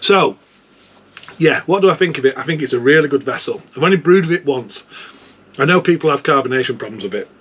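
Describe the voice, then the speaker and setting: A man's voice: mid-range voice, lively intonation, fast talker, fairly bright tone, breathy edge, lo-fi sound. A man with a British accent chatting informally and at length as a homebrew vlogger. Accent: British English. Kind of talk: casual chat.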